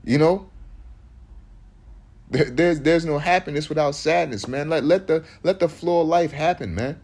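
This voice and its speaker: A man's voice: a little high, moderate pace, a little mellow. Rambling, emphatic man preaching in street talk. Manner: loose, rambling and emphatic, with repeated restarts.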